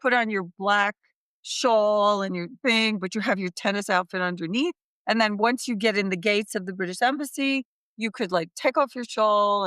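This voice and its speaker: A woman's voice: mid-range voice, no echo. An American woman on a podcast tells a personal story and acts out the voices of people from it. Her voice sits in a middle register, and she stumbles and restarts as she goes. The recording is dry and close. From United States. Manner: animated storytelling, acting out remembered dialogue with restarts. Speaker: author guest.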